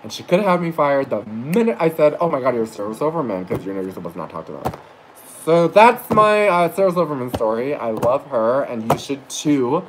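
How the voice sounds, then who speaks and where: A man's voice: medium pitch, sing-song, normal speed, noisy background. Gushing, rambling male vlogger. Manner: gushing, rambling, with restarts and swearing. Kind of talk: casual storytelling vlog.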